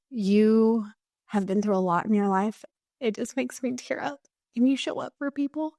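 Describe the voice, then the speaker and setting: A woman with a medium-pitched, darkish voice speaks as a podcast guest, recorded in clean studio sound with no echo. The conversation is candid and heartfelt, and she sounds earnest and emotional, peppering her speech with "like."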